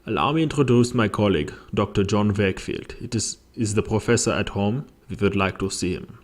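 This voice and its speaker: A man's voice: fairly low pitch, brisk, lightly acted. A man voicing an earnest, formal male doctor who speaks politely and sometimes stumbles over his words.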